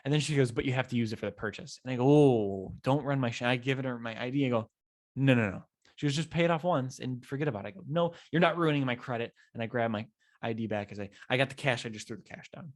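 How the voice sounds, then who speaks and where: A man's voice: mid-range voice, rapid-fire. A young man hosting a podcast alone, telling a frustrating shopping story and acting out both sides of the talk. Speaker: podcast host. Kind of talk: solo storytelling chat.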